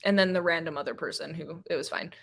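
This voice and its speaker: Lowish voiced woman rambling emotionally about a book, tons of "like" and restarts. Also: fairly even intonation, fast, creaky, a bit bright. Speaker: guest. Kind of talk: casual book discussion.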